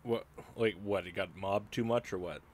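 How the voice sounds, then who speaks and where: A man's voice: sits low, moderate pace, darkish tone. A man hosting a casual livestream, reacting with dry, understated questions. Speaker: livestream host.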